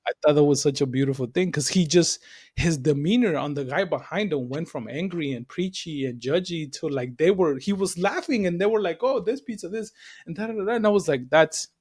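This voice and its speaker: A man, chatting casually on a podcast and telling stories with animated, acted-out quotes. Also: fairly high pitch, brisk, husky, no room sound, studio quality. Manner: animated storytelling, swears freely, acts out quoted voices. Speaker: podcast co-host.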